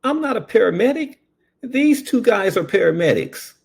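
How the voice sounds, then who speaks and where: A man's voice: high voice, big pitch swings, normal speed, creaky, slightly rough, voice pushed up, heavily acted. A man voicing a blunt male sheriff deputy in a raised, matter-of-fact voice. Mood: brusque.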